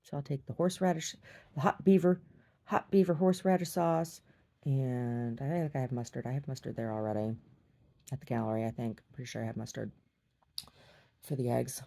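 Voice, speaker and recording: A woman's voice: rumbling low, fairly even intonation, moderate pace, vocal fry, long pauses, warm tone. A middle-aged woman, a gallery owner, chatting in a meandering, giggly way in a casual monologue.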